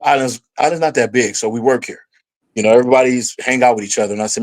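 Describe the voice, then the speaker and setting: Man telling a story with lively energy. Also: fast talker, rough recording. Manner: animated storyteller, voices his past self rising in pitch. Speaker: guest. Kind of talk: casual storytelling.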